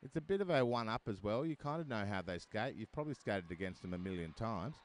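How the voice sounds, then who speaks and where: A man's voice: on the low side, expressive, fast talker, slight background noise. A man giving live roller derby commentary, chatty and full of joking asides.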